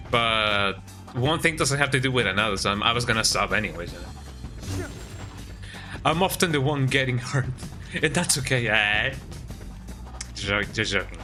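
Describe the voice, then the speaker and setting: A man's voice: mid-range voice, pushed and bright. A man streaming a game, chatting casually with viewers, joking and rambling, often tagging lines with "eh?". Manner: joking, rambling, says "eh?" a lot. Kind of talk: casual livestream chat. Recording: game music behind.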